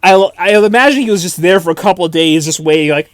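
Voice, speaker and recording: A man's voice: sits high, fast, no room sound. A young man co-hosting a casual movie commentary, chatty and wry, giving opinions with small hesitations.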